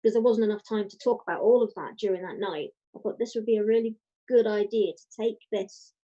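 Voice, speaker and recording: A woman guest chatting in a casual interview, telling a story with lively quoted voices. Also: mid-range voice, brisk, lo-fi sound. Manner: animated storytelling, quoting others. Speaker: guest, writer and podcaster.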